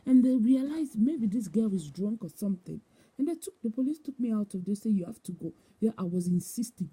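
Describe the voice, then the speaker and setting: A woman tells her personal testimony in a deep, mellow voice with a husky edge. She speaks with emotion, circles back over the same points, and acts out the voices of the people in her story. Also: lively intonation, a little fast.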